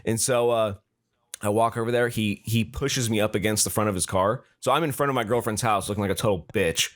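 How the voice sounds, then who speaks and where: A man's voice: lowish voice, fairly even intonation, fairly quick. Rambling man telling a story. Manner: rambling, with many restarts; acts out the other voices in his story. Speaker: podcast host. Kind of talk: casual storytelling chat.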